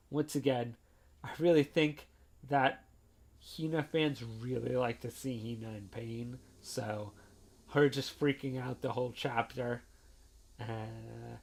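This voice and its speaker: A man's voice: medium pitch, gravelly. A man hosting a podcast, giving a chatty, rambling recap of a manga chapter and adding his own commentary. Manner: chatty, rambling, with frequent "like" and "you know".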